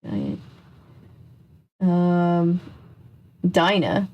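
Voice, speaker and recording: A woman's voice: fairly low pitch, big pitch swings, drawn-out words, dull audio. A young woman casually reading a children's mystery book aloud, breaking off for jokey, wry asides.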